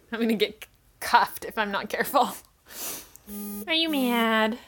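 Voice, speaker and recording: A woman's voice: fairly high pitch, a bit bright, a little hiss or hum. A woman hosting a casual livestream, chatting with viewers and cooing baby talk at her cats.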